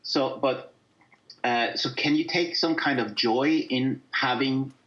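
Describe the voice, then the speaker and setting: A man speaks as a guest in a casual discussion, groping for words with many fillers and restarts. His voice sits at a middling pitch, and the recording sounds dull and lo-fi. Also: slow pace, a bit bright.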